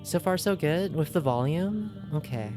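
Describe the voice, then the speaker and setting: A woman's voice: low voice, expressive, moderate pace, over music. A young woman streaming a game, chatting casually and asking her viewers lots of questions. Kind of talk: casual livestream chat.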